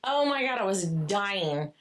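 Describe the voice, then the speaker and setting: Woman co-host, casual book chat, effusive and profane, mid-pitched. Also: big pitch swings. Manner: gushing, swears freely, quick asides. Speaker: podcast co-host.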